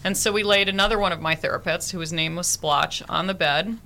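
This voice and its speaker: A woman's voice: on the low side, brisk, sharp tone, a little hiss or hum. A woman nurse and therapy dog handler telling heartfelt stories in a radio interview, earnest and vivid.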